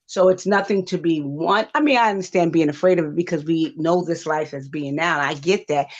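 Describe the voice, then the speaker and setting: A woman psychic on a livestream, talking gently and reassuringly, with many fillers as she tells a story. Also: lowish voice. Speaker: psychic panelist. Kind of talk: livestream talk. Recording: dull lo-fi livestream audio.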